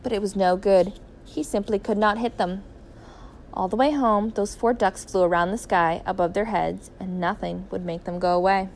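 A woman narrating a children's story in a clear, even, expressive reading voice. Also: mid-range voice, normal speed, a little hiss or hum. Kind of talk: children's story read aloud.

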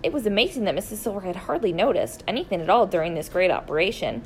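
A woman reading a children's story aloud, expressive and deliberate, slowing down for emphasis. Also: on the low side, a little hiss or hum, low-quality recording.

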